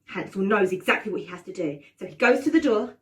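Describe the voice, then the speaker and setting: A woman drama teacher telling a children's story with animated expression and dramatic gasps, prompting her class to join in. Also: mid-range voice, moderate pace, far from the mic.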